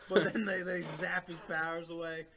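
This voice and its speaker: A man's voice: a little high, flat delivery, normal speed, a bit bright. A man co-hosting a podcast, chatting casually about movies, rambling with lots of fillers and restarts over a remote call. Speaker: podcast co-host. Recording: remote call, poor audio.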